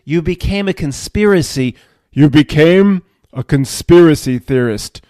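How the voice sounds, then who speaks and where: A man voicing a booming, detached spiritual higher self who speaks in a matter-of-fact way. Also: animated, measured pace, darkish tone, dry recording, clean studio sound. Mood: blunt.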